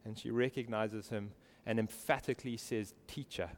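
A man's voice: medium pitch, normal speed. Earnest male preacher in a reverberant hall. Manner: earnest, asks the listeners direct questions. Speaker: pastor. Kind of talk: sermon.

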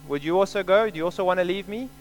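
A man delivers a sermon in an earnest, explaining tone, circling back to stress his points. His voice sits a little high for a man. A faint hum runs underneath the recording. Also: very fast, poor audio. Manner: earnest, explains scripture with repeated emphasis. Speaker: preacher.

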